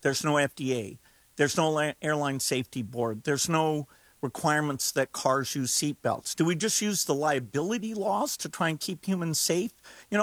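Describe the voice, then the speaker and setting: Emphatic man with a fairly high voice. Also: normal speed, fairly bright tone, no room sound. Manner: urgent, emphatic, incredulous. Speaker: guest expert on AI risk. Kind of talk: interview conversation.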